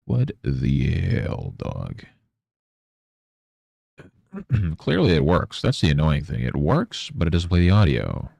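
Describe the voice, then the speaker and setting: A male streamer grumbles, swears and mutters to himself. His voice is very low with a gravelly edge and swings animatedly between deep murmurs and sharp outbursts. The sound is close and dry. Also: wildly swooping pitch, takes it slowly, long pauses, dry recording. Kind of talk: casual livestream chatter.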